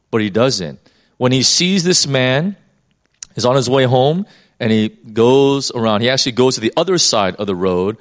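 Preacher, male, lively rising-and-falling delivery, casual teaching tone, stumbles over repeated words. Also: mid-range voice. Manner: animated, repeats words while thinking. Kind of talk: conversational Bible teaching.

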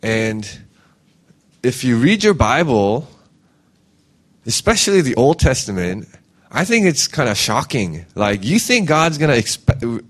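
In a relaxed, conversational sermon, a male preacher keeps capping his points with "right?" He gives voice to the people he quotes, performing them with large pitch leaps.

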